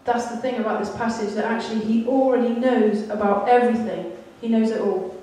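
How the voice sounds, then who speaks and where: A woman's voice: a little high, steady tone, fairly quick, hardly any pauses, warm tone, slight background noise. A woman giving a sermon, telling a candid, self-deprecating story about her childhood. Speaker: church speaker. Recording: echoey hall, mic at a distance.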